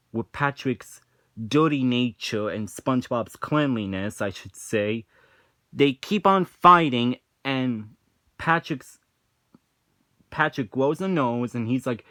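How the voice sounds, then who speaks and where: A man's voice: medium pitch, pushed and bright, no room sound. A man giving a casual spoken review, rambling with many restarts and sounding unimpressed and dismissive. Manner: rambling, frequent restarts and filler "like".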